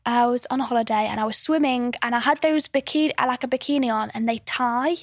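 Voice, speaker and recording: A woman's voice: a little high, fast, dry recording, clean studio sound. A woman in her early twenties, a podcast guest, telling stories in casual chat with frequent laughs and restarts. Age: early 20s. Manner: chatty storyteller, laughs often, restarts mid-sentence.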